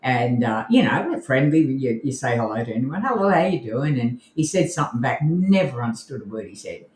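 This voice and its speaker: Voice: mid-range voice, lively intonation, fairly quick, darkish tone. A podcast co-host with an Australian accent, chatting casually and enthusiastically on a live show and laughing easily. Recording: roomy echo.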